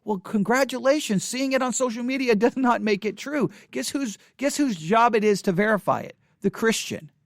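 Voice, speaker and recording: A man's voice: very high-pitched, normal speed, vocal fry, hardly any pauses, no echo, studio quality. A man hosting a podcast, giving impassioned commentary in an earnest, pleading way and repeating phrases for emphasis. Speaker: podcast host. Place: home studio in Texas.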